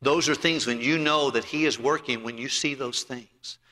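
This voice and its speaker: A man preaching a sermon as pastor, telling stories from the pulpit, rising to loud emphasis and dropping to quiet asides. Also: medium pitch, moderate pace. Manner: preachy and anecdotal, swings between loud emphasis and soft asides. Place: church sanctuary. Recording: long hall reverb.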